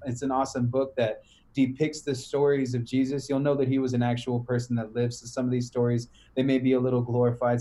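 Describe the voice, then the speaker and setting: A young man on a podcast, retelling a story in casual slang, animated, full of "bro" and "right?". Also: medium pitch. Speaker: podcast guest.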